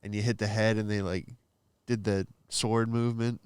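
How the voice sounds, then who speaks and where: A man guesting on a casual podcast chat, riffing quickly with bro slang and swearing. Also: fairly low pitch, flat delivery, a little mellow, smooth, dry recording. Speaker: comedian guest.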